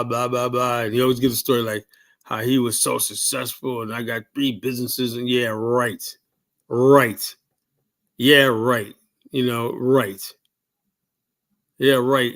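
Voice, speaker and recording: A man's voice: mid-range voice, fairly bright tone. A man from the United States hosting a call-in show, ranting heatedly and asking "you know?" again and again. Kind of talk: ranting livestream commentary.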